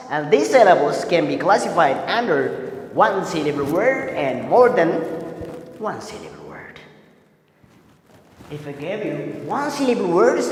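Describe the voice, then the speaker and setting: A man gives a classroom lesson in a fairly high, very animated voice. He speaks slowly and stresses each example word. The recording is roomy and echoey, with faint ambient noise behind him. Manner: emphatic, stretches example words slowly. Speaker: teacher. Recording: echoey room with long reverb.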